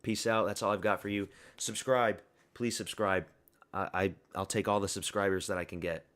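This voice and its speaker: Young guy ranting about fights, kinda low voice, blunt and rambly. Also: flat delivery, moderate pace, a bit bright. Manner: blunt, opinionated, rambling with fillers. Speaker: MMA commentary YouTuber. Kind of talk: casual fight review monologue.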